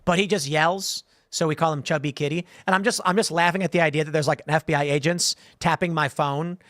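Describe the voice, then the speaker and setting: A man's voice: fairly high pitch, fairly even intonation, quick pace, a bit bright, dry recording, studio quality. A man hosting a livestream show, rambling through viewer comments and joking asides in a casual way. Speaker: host.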